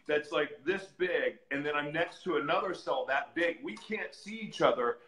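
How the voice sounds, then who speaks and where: Bright-voiced man telling his story. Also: a little high, normal speed, poor audio. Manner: earnest, animated, acts out shouted voices in retelling. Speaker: podcast guest. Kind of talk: candid personal storytelling. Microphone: live stream, reads comments on screen.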